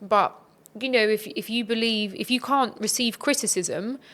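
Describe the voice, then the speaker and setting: A woman's voice: a little high, normal speed, a bit bright. A woman speaking as a podcast guest, giving earnest, reflective advice in a conversational tone.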